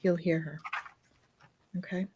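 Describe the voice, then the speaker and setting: A woman giving a live psychic reading, speaking in a calm, gentle and guiding way. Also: lowish voice, takes it slowly, heavy background noise. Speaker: psychic reader.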